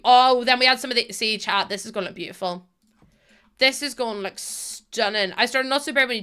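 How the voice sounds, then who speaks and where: A woman's voice: a little high, animated, a little fast, sharp tone, clear, resonant tone. Chatty woman streamer. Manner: chatty, swears, laughs a lot, talks to chat. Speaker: Twitch streamer. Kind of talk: casual chat while gaming.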